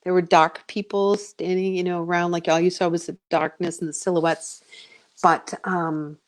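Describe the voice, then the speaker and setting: A middle-aged woman, a psychic medium, telling a long story on a radio interview in a chatty, animated way, with many fillers, acting out her own voice from back then. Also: lowish voice, moderate pace. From United States.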